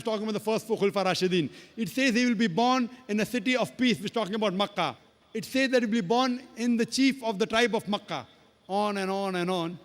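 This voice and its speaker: Emphatic lecturer, male, fairly high voice, long hall reverb. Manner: emphatic, repetitive, preacher-like. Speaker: speaker answering audience questions. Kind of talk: public lecture Q&A.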